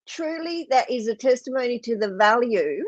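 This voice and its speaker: A woman's voice: on the high side, lively intonation, normal speed, no echo. Woman, interview host, enthusiastic, stop-start phrasing, dull dry video-call sound. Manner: enthusiastic, many restarts and fillers. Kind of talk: casual online interview.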